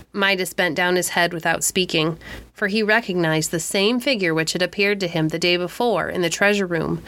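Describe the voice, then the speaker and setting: A woman narrating a classic children's storybook in a measured, expressive reading. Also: lowish voice, no echo. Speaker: audiobook narrator.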